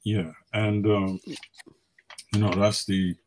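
Older man telling animated stories. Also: on the low side, extremely slow, slight background noise, poor audio. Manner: animated storyteller, acts out quotes. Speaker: guest photographer. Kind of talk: casual storytelling.

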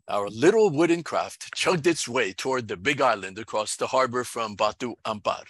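Male pastor, middle-aged, even mid-range voice, dry close sound, measured storytelling. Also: medium pitch, dry recording. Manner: measured, earnest storytelling with quoted dialogue. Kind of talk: storytelling sermon.

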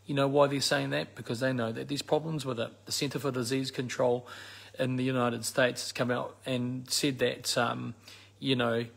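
A man's voice: mid-range voice, vocal fry, husky. A man with a New Zealand accent, an activist giving an impassioned spoken message to supporters, emphatic, repeating words for stress, with many fillers.

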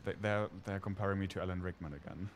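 A man's voice: low voice, fast talker. A man with a German accent chatting during a game with dry, wry humor. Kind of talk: casual gaming chat.

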